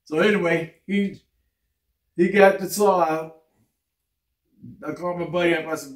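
This man co-hosts a vlog in a fairly high voice, talking at normal speed but leaving long pauses. In casual storytelling, he animatedly acts out the people he quotes. The recording has an echoey room, a distant mic and faint noise.

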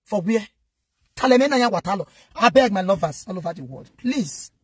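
A woman's voice: mid-range voice, expressive, normal speed, darkish tone, breathy edge, no echo, clean studio sound. A Nigerian woman giving an impassioned, scolding rant to her online audience, switching between Pidgin and local languages. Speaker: social media commentator.

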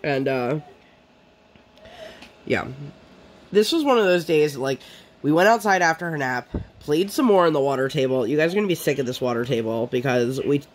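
A woman's voice: very deep voice, a little mellow, a little hiss or hum. Woman, casual crafting chat, chatty, rambling, filler-heavy. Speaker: crafting vlogger.

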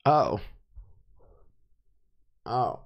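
A man's voice: mid-range voice, big pitch swings, extremely slow, vocal fry, lo-fi sound. A sleep-deprived man streaming casually, reacting playfully and teasing his chat as he reviews unban requests. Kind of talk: casual livestream commentary.

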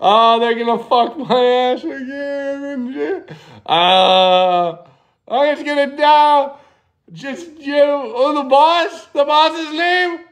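A man's voice: high voice, steady tone, slow, creaky, full character voice. A man putting on a panicking truck driver during a prank call, frantic and swearing, pleading into the phone. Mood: panicked. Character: panicking male truck driver who crashed.

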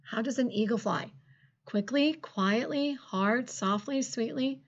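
A middle-aged woman teaching a phonics lesson to second graders, encouraging and sing-song, drawing words out slowly. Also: a little high. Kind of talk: phonics lesson for young children. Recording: dull lo-fi classroom recording.

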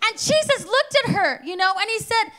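A woman preaching a sermon at a church service, talking rapidly and emphatically and acting out the voices she quotes. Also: very high voice, animated, pushed and bright.

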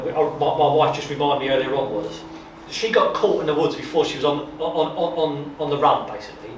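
A man gives a chatty talk at an exhibition, voice pitched a little high. He tells his stories with animated repetitions and asides. He is heard from a distance in an echoey room with clear background noise. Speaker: guest speaker on wartime history. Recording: echoey room from far off, noisy.

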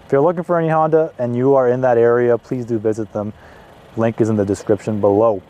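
A man in his twenties hosting a car review, talking in an excitable, chatty way with casual asides as he walks around a parked car outdoors. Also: mid-range voice, fast talker, muffled recording. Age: 20s.

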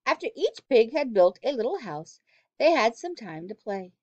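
A woman teacher reading a storybook aloud to children, expressive and animated, stopping to ask them questions. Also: a little high, normal speed, no room sound. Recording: dull, dry lo-fi recording.

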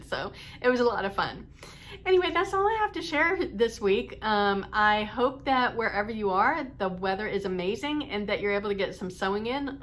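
A woman's voice: on the high side, fairly bright tone. A middle-aged woman from the United States, chatting casually to camera as a sewing vlogger, rambling with lots of fillers and restarts.

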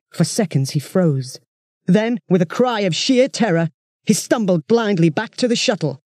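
A storyteller, reading a children's science-fiction story in steady, expressive narration. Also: mid-range voice, normal speed, no echo, clean studio sound. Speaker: audiobook reader.

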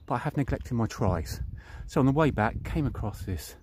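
A man's voice: mid-range voice, expressive, moderate pace, a little mellow, a little hiss or hum. A man in his thirties with a British accent chatting bluntly and casually to camera as a fitness vlogger, walking outdoors through a park. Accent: British English.

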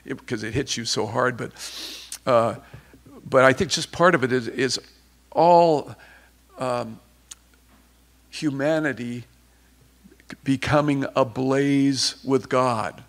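A man's voice: medium pitch, takes it slowly, pauses often. A man preaching an informal sermon, conversational and rambling with many restarts, turning fervent at times.

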